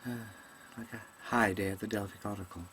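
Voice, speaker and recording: A man with a lowish voice speaks briskly, in fairly even intonation and a fairly bright tone, over a little hiss or hum. He's an actor performing a rambling comic monologue to a webcam, in mannered stage diction, digressing constantly and full of ums, hesitations, and self-corrections.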